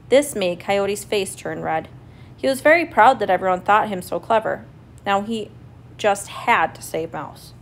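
A woman reading a children's story aloud in a clear, expressive, steady way. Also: medium pitch, measured pace. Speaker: story reader.

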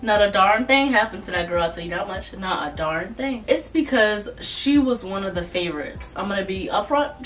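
A young woman casually telling a storytime vlog, animated and loose, slipping into mocking voices. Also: mid-range voice. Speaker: vlogger. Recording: voice a bit far from the mic, soft music behind.

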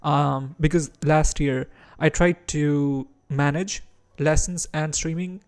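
Streamer, man slow-talking Indian chess streamer. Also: fairly high pitch, steady tone, darkish tone, clean tone. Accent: Indian English with American and British touches. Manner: unhurried, chatty, reacts aloud to his own moves. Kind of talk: casual live-stream chat while playing chess.

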